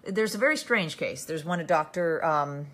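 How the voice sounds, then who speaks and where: A woman's voice: deep voice, expressive, normal speed, fairly bright tone. A woman hosting a casual live stream, tired, reading out viewer comments and answering them by name with many fillers and restarts.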